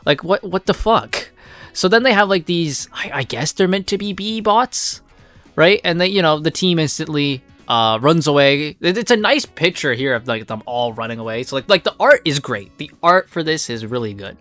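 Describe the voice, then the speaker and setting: A man's voice: a little high, animated, moderate pace, a bit bright, no room sound, soft background music. A man giving a casual, rambling review of a comic, full of fillers and blunt swearing.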